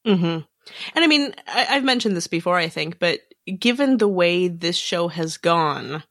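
A woman's voice: on the low side, lively intonation, moderate pace, fairly bright tone, no echo, studio quality. A woman co-hosting a podcast in casual chat, speculating and hedging as she thinks aloud. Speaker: podcast co-host.

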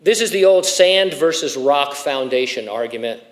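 A man's voice: a little high, lively intonation, normal speed. A middle-aged man preaching a sermon as pastor, talking casually with asides and rhetorical questions, and lifting his voice when he reads scripture. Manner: reads scripture with rising emphasis. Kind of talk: expository sermon.

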